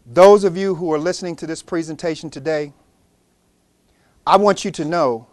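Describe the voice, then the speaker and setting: A male presenter telling a story in an animated, passionate way. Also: fairly high pitch, moderate pace, pauses often, dry recording.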